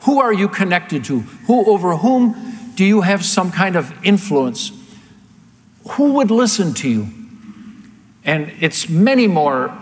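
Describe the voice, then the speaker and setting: Emphatic preacher man in a reverberant hall. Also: fairly high pitch. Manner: emphatic, rhetorical questions, gets worked up. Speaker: pastor. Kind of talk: sermon.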